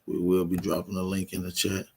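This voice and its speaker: Male streamer, low and flat, laid-back hype for the chat. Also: brisk, a little hiss or hum. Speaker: livestream host. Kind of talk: casual livestream chat.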